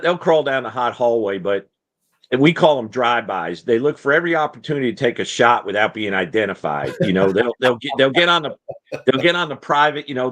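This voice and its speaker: A man's voice: mid-range voice, fairly bright tone. A man, a fire chief, speaking earnestly and reflectively on a casual panel, often restarting his phrases as he thinks.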